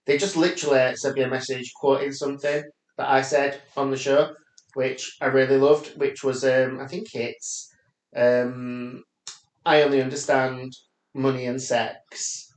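A man's voice: medium pitch, flat delivery, measured pace. Self-mocking Yorkshire man, roomy echo. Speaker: podcast co-host. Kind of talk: casual podcast chat.

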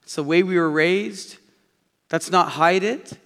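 High-voiced pastor in an echoing sanctuary. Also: male voice, unhurried, gravelly, fairly bright tone. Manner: storytelling preacher, repeating key phrases. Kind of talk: sermon. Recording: long hall reverb.

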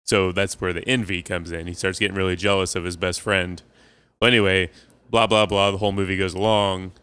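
A man's voice: low voice, level tone, brisk, sharp tone, clean tone, no room sound. A man chatting casually on a podcast, rambling through long stories and laughing at his own jokes. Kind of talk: casual chat.

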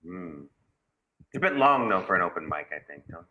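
A man's voice: sits low, big pitch swings, a little fast, muffled recording. A man from New York, a guest author, chatting casually over a call with many restarts and easy laughter. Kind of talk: casual podcast chat. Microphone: video call.

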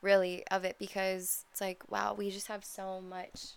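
A woman's voice: mid-range voice, completely flat delivery, normal speed, gravelly, clear, resonant tone. A woman co-hosting a casual chat, rambling with many fillers and restarts. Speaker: podcast co-host.

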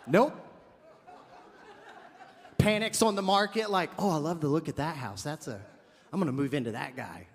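A man's voice: a little high, brisk, husky, big-room sound. A man preaching a sermon, telling a funny story with lots of acted-out dialogue and comic asides. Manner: animated, jokey storyteller acting out dialogue.

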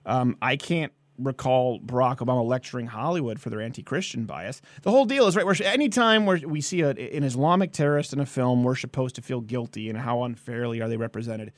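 A man's voice: mid-range voice, quick pace, few pauses, no room sound. A man hosting a political comedy live-stream, ranting emphatically and joking. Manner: animated, emphatic ranting with jokes. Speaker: host.

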